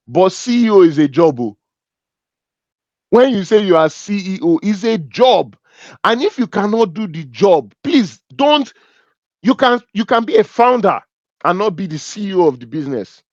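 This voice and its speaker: A man with a Nigerian accent giving a humorous, animated business talk, joking and teasing as he tells stories. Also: sits high, normal speed, dry recording, lo-fi sound. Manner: animated and joking, laughs at his own stories. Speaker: business speaker.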